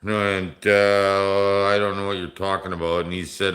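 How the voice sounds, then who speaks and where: A middle-aged man chats loosely to his livestream viewers, a bit drunk and cracking crude jokes. His voice sits a little low, with a bright, edgy tone. He rambles from story to story in a casual, unscripted way. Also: completely flat delivery, measured pace. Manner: rambling, joking, off-color banter. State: tipsy from drinking. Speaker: livestream host.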